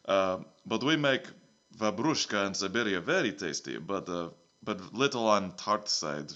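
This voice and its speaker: A man's voice: on the low side, lively intonation, normal speed, a bit bright, dull audio. A man voicing a bumbling male secret agent who keeps swapping between broad put-on accents, rambling through his mission report. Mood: hammy.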